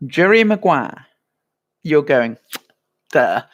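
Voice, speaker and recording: A woman's voice: fairly low pitch, unhurried, lo-fi sound. A woman vlogger chatting casually on a live stream, giggling often as she reads out viewer comments. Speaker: vlogger running a movie quiz.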